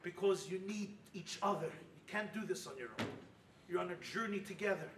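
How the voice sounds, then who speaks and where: A man giving a sermon as a rabbi at a weekend retreat, animated and humorous, driving his points home with shouted emphasis. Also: sits high, normal speed. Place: hall at a retreat. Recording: roomy hall from a distant mic with faint noise.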